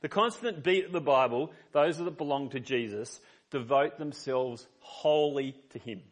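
A man's voice: mid-range voice, measured pace. A man preaching a sermon as a pastor, reading scripture and telling personal stories in an earnest, conversational way.

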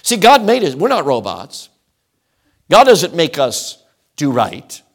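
Emphatic preacher man, lively rising voice. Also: a little high, slow. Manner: emphatic, repeats phrases in rhythmic lists. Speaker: traveling preacher. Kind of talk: sermon.

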